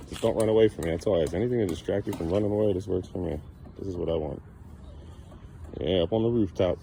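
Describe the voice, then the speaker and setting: A man's voice: deep voice, fast, long pauses, dark tone, a little hiss or hum. A man talking casually to his young son as a father, playful and coaxing, teasing him now and then.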